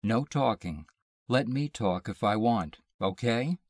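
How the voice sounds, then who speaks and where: A man reading aloud and voicing a playful, mischievous young wife, lifting his deep voice for her coaxing lines. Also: lively intonation, takes it slowly, no echo, clean studio sound.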